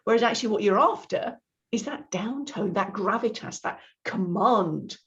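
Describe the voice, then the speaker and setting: Gravelly-voiced woman coach. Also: mid-range voice, normal speed, lo-fi sound. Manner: explanatory, with frequent restarts. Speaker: communication coach, guest. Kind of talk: conversational interview.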